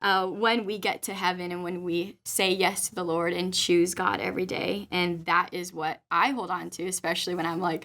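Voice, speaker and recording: A woman's voice: fairly low pitch, normal speed, fairly bright tone. A young woman, a church youth leader, giving a short daily devotional with enthusiastic, heartfelt scripture reading.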